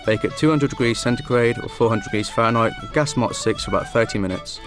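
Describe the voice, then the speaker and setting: A man's voice: mid-range voice, fast, music in the background. A man from Cornwall, a first-time TV guest chef, steadily explaining how he makes a pie. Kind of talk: talking through a recipe on TV.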